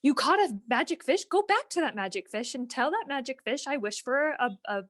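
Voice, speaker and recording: A woman's voice: high-pitched, lively intonation, fairly quick, pitched above the performer's own voice. A greedy old peasant wife from a storybook barks curt, bossy orders in a raised voice, as a woman puts her on. She always wants more and never sounds satisfied. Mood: demanding.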